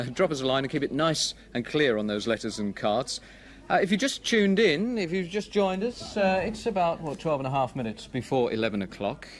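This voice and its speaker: A man hosting a live children's TV show from a studio, talking in a breezy, jokey way. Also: fairly high pitch. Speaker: children's TV host. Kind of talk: chatty live studio presenting.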